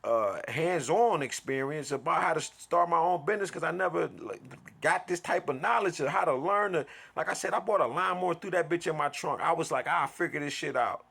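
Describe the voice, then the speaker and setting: A man's voice: on the high side, brisk, gravelly, few pauses, a bit bright, breathy edge. A man telling an aggrieved story in a profane, heated monologue, restarting and repeating himself as he vents. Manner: aggrieved, ranting, repetitive restarts. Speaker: vlogger.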